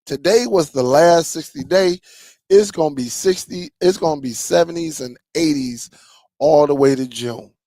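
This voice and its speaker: A man's voice: a little high, normal speed, warm tone, no echo. A man hosting a casual live stream, reading viewer comments and bantering with loose, laughing slang.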